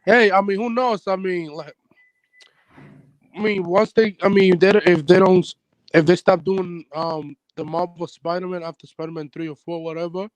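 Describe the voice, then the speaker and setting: A man with a higher-pitched voice co-hosts a casual comics podcast and talks bluntly, swearing freely. The sound is dry and close, with no room around it. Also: fairly even intonation, normal speed, dry recording, poor audio. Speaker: podcast co-host. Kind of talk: casual chat.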